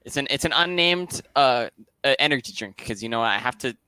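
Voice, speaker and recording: A man's voice: mid-range voice, expressive, fairly quick, sharp tone, smooth, no room sound. A man co-commentating a live esports match, rambling and stammering with hype, his voice wearing out. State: losing his voice.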